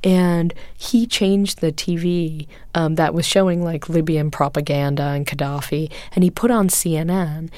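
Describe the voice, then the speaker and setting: A woman photojournalist in an interview, recounting her experiences in an earnest, measured way with frequent fillers. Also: deep voice, fairly even intonation, a little mellow, no echo. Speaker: guest, photojournalist.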